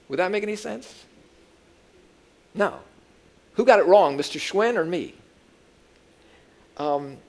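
Male Bible teacher; casual, funny storytelling sermon, fairly high-pitched. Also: gravelly. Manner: humorous storytelling, asks the audience questions. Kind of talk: conversational sermon.

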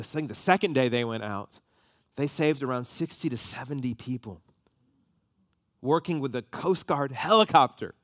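A man, preaching a sermon and telling a story with lively emotion. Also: on the high side, dry recording, clean studio sound. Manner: animated storytelling, voices rising with emotion.

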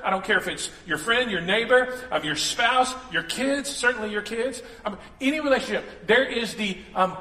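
Bright, high-pitched preacher in an echoing hall. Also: male voice. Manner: conversational, joking preacher who acts out quoted voices. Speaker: pastor. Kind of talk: sermon. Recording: echoey hall, long reverb.

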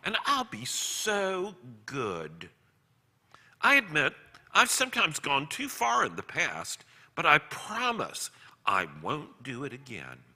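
A man's voice: fairly high pitch, huge pitch swings, slow pace, bright, forceful tone, big-room sound, pitched above the performer's own voice, exaggerated voice. A man voicing a sly, pleading male lizard demon that coaxes and slips into whispers. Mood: wheedling. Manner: coaxing, slipping into whispers.

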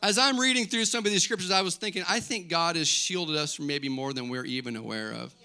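A middle-aged male pastor preaching with lively, conversational energy, often turning to the congregation with questions. His voice sits high and rings very bright. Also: brisk, creaky, clean tone. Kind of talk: sermon.

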